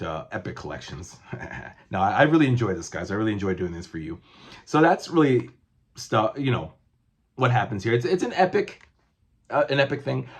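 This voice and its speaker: A man's voice: medium pitch, husky. A man in his forties chatting casually as a comic book collector on his vlog, rambling and correcting himself with many fillers.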